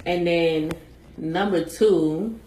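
A woman co-hosting a podcast, talking through her views in a measured, reflective way in casual chat. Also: lowish voice, mellow, slight background noise. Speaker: podcast co-host. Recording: echoey room.

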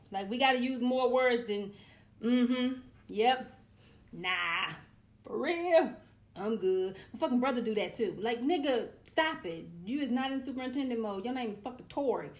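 A woman's voice: on the high side, fairly bright tone. A woman in her forties talking straight to her viewers in a casual monologue, blunt and profane, ranting with comic exasperation. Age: 40s. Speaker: vlogger.

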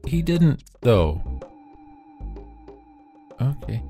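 A man doing a comedic reading of an old game review, reading the punctuation aloud and adding sarcastic, deadpan asides. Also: medium pitch, measured pace, long pauses, soft background music. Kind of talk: comedic dramatic reading with commentary.

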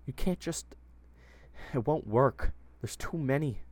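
A man voicing a wounded, frightened young captive woman with a low, somewhat manly voice, who pleads and stammers. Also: expressive, takes it slowly, dry recording.

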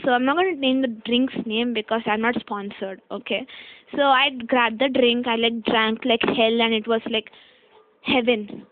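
A woman's voice: fairly high pitch, fairly even intonation, moderate pace. A young woman, casually telling a personal story in a chatty, rambling way, correcting herself and tossing in "okay?" asides. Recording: dry, tinny phone-like sound.

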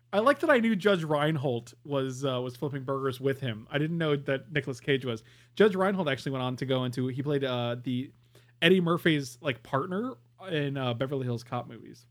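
A man co-hosting a podcast in casual chat, animated and emphatic. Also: mid-range voice, moderate pace. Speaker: podcast co-host.

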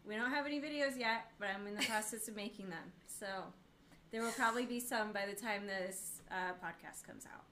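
A young woman co-hosting a podcast, chatting casually and telling stories in an animated way. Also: medium pitch, fairly quick, background noise. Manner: animated storyteller, acts out quotes. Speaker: podcast co-host. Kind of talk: casual chat, storytelling.

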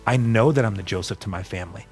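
Earnest male guest, lowish voice, candid storytelling with frequent restarts. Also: quick pace, creaky, darkish tone, soft background music. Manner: earnest, repeats words as he restarts. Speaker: guest sharing his testimony.

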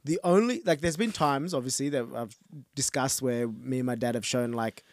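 A man's voice: medium pitch, normal speed, no echo, studio quality. A man co-hosting a podcast, telling stories animatedly in casual chat with many fillers. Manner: animated storyteller, lots of fillers like "blah blah". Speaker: podcast co-host.

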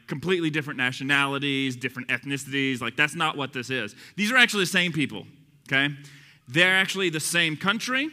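Male Bible teacher, casual and chatty, bright cutting voice, reverberant hall sound. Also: fairly high pitch. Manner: conversational, chatty, with restarts and asides. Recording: long reverb of a large hall.

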